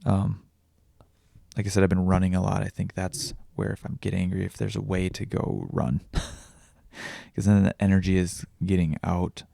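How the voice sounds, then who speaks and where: A young adult man talking candidly in a personal vlog, halting and confessional, swearing often. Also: deep voice, level tone, vocal fry, warm tone, no room sound, clean studio sound. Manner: raw, halting, confessional, with frequent swearing and restarts. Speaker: vlogger and podcaster.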